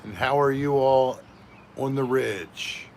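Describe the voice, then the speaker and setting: Slow-talking man hosting a live stream. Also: medium pitch, slight background noise. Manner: slow, chatty, reading out viewer names. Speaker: livestream host. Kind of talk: casual live chat greeting viewers. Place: home.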